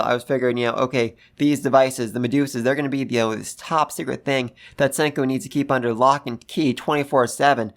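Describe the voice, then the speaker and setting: A host giving a casual, gushing review of a manga chapter, talking excitedly and repeating phrases for emphasis. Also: medium pitch. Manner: gushing, excitable, gasps and laughs. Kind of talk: casual commentary.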